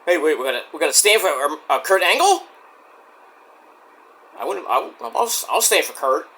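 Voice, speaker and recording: A man rambles through a casual wrestling show review, full of restarts and sudden shouted impressions. His voice sits high and swings widely in pitch, with a bright, forceful edge. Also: normal speed, pauses often. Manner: rambling, animated, acts out quotes loudly.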